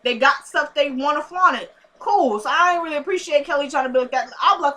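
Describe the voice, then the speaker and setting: Chatty bright-voiced woman recapping. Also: high-pitched, fairly quick, few pauses, poor audio. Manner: chatty, slangy, talks straight to viewers; acts out characters' lines while retelling. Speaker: TV episode reviewer. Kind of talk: casual recap and review.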